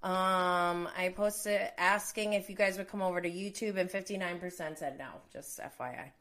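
This reality TV commentator, a woman in her thirties, gossips about reality shows in a casual, chatty way, peppering everything with "like" and laughing between lines. Her voice sits fairly low and a bit bright, with fairly even intonation at a normal speed, though she flares up in indignant outbursts.

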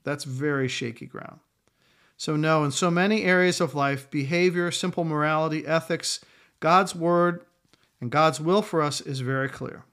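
A man's voice: a little high, fairly even intonation, moderate pace, a bit bright. A middle-aged man preaching a sermon in a conversational way, acting out quotes along the way. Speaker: pastor.

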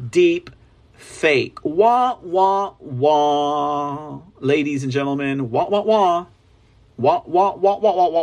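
A man with a fairly high voice that swings widely up and down as he hosts an online news show. He reads articles aloud and breaks off into sarcastic jokes and laughter. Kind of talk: casual commentary reading headlines.

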